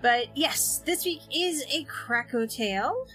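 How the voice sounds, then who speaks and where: A woman's voice: sits high, expressive, unhurried, sharp tone, soft background music, low-quality recording. Woman podcast co-host, playful, jokey banter. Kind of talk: casual chat.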